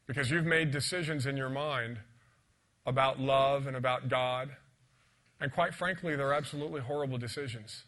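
A man delivers a sermon as a personal testimony, with a bright, forceful edge to his voice. He tells his story dramatically, sinking to hushed whispers and then building to loud, emphatic peaks. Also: mid-range voice, a little fast. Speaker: preacher.

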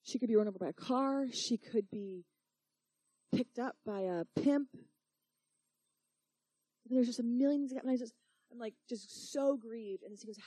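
A woman's voice: a little high, moderate pace, pauses often, dark tone, breathy edge, dry recording. A young woman preaching through a personal story, talking in a casual, emotional way full of "like" and "you know". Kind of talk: sermon storytelling.

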